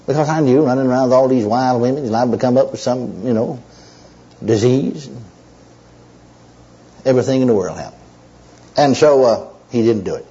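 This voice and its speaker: A man's voice: mid-range voice, big pitch swings, a little fast, pauses often, mellow, slightly rough. A man preaching and telling a story in an emotional, emphatic way, repeating himself and restarting phrases. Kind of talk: sermon storytelling. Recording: dull lo-fi recording.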